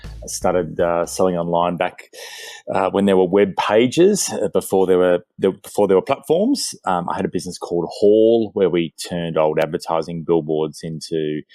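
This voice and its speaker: A middle-aged man with an Australian accent, introducing himself as a guest with a relaxed delivery and frequent pauses. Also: low voice, dry recording. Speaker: interview guest, retail expert. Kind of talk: self-introduction in an interview.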